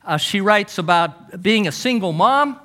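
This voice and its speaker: A middle-aged man preaching, his voice high and bright as he leans into each story. He swings his pitch widely, pausing for effect and pressing hard on key words. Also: expressive. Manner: storytelling, emphatic with dramatic pauses. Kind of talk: sermon.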